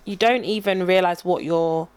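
A woman, co-hosting a podcast in casual chat, talking thoughtfully with frequent pauses and restarts. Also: lowish voice, darkish tone, clean tone. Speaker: podcast co-host.

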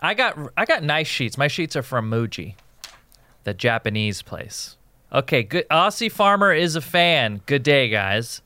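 Male podcast co-host, bright and smooth, banters and rambles. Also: mid-range voice, very animated, a little slow, no room sound. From Jordan. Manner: joking, rambling, swears freely. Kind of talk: casual podcast banter, reading listener emails. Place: recording studio in Los Angeles.

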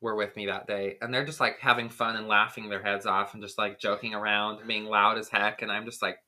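A man's voice: lowish voice, a little fast. A man co-hosting a podcast, telling a rambling story in casual chat with lots of filler words. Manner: rambling, filler-heavy, animated retelling. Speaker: podcast co-host.

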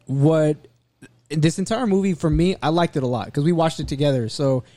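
A man's voice: fairly high pitch, normal speed, no echo. A man in casual conversation reviewing a movie, swearing freely and acting out scenes as he retells them. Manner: animated, swearing, acts out scenes.

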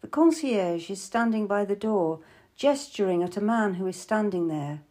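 A woman narrating a story in the first person in a calm, measured way. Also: medium pitch. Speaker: audiobook narrator.

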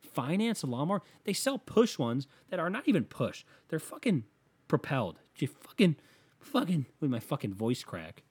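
A man hosting a show, delivering a casual comedic rant that is profane and exasperated, with loud emphatic outbursts. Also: fairly high pitch, very animated, moderate pace, husky.

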